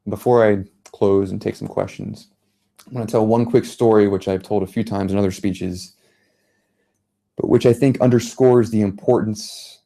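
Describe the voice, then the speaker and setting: A man from the United States in his thirties giving an earnest public talk as a journalist, telling a story in a measured way. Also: on the low side, creaky, mellow. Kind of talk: public speech. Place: lecture venue.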